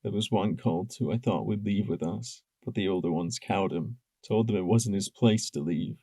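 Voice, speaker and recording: Guy doing a quiet sobbing young stallion pony, low and soft, dry close sound. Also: normal speed, no echo. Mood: broken grief. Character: broken, guilt-ridden young stallion pony.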